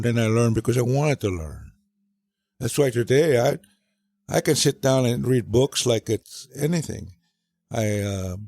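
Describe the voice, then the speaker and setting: An older man with a mid-range voice tells family stories close to a dry podcast mic. He slips into the voices of the people in his tales and gets animated at the funny parts. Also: medium pitch, no echo. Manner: animated storyteller who acts out voices. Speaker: guest father telling stories. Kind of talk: storytelling chat.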